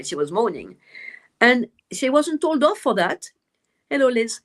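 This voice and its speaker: A woman's voice: mid-range voice, animated, moderate pace. A woman who grew up in French Algeria, a guest medium and author, talking in a rambling, chatty way on a live stream. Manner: chatty, rambling, many restarts.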